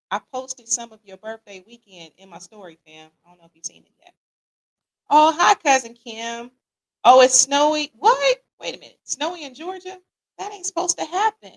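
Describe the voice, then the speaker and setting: Lively, slangy woman hosting a livestream. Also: high-pitched. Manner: lively, slangy, playful, reading viewer comments. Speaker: podcast host. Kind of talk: casual livestream chat.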